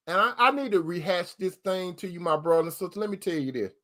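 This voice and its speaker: A man with a high voice talks to his viewers like a preacher. He hammers each point home by repeating it, and keeps calling the listeners brother and sister. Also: lively intonation, fast, hardly any pauses, a bit bright. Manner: repetitive, emphatic, addresses listeners as brother and sister. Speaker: host giving relationship advice from a Christian view. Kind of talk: preaching-style talk to viewers.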